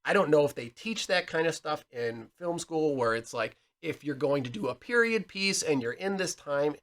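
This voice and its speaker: A young man with a bright, forceful voice, chatting casually about movies. He talks in a lively way, sitting a little above the usual male pitch. Now and then he shouts out film quotes. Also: normal speed. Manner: animated, acts out quotes loudly. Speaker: podcast co-host.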